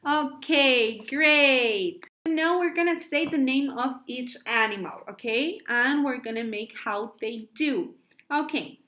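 A woman teaching an English lesson to preschoolers, speaking slowly and enunciating carefully as she prompts children to repeat after her. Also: high voice, a bit bright.

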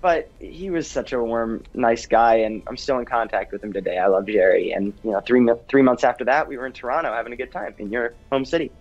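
A teenage boy talks earnestly as an interview guest, pausing on ums and restarting his sentences. His voice comes through dull and lo-fi. Faint music plays underneath. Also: medium pitch. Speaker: actor guest. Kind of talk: casual interview chat.

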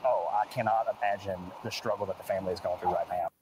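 Outdoors at a search site, a policeman takes questions during a press briefing in an earnest, straightforward manner. His voice is low with fairly even intonation, he talks fast, and background noise is audible.

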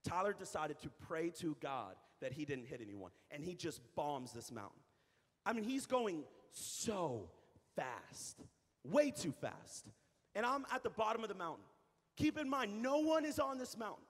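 A young adult man, a youth pastor, telling a story in a sermon, animated and repeating phrases for emphasis. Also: high-pitched, a little slow. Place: church hall. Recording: reverberant church hall.

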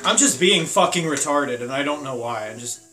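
Crude joking young man, high voice. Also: expressive, brisk, echoey room, rough recording. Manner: crude, joking, reads shop dialogue in silly voices. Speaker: gameplay commentator. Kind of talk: casual gameplay commentary. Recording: game music behind the voice.

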